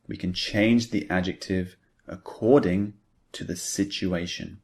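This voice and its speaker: A man teaching an English speaking pattern, explaining slowly and deliberately with spoken example sentences. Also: deep voice, fairly even intonation, a little mellow. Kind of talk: scripted language lesson.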